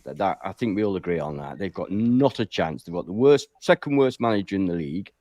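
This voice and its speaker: A man's voice: low-pitched, lively intonation, a little fast, darkish tone, dry recording. A man on a football podcast panel, giving his predictions in a blunt, joking way.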